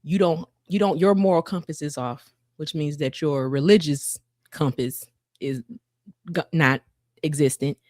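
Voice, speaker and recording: Low-voiced woman retelling scripture casually. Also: measured pace, darkish tone, no room sound, clean studio sound. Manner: retells Bible stories in loose, slangy paraphrase; drawls, repeats and restarts lines. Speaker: podcast co-host. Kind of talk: casual faith podcast chat.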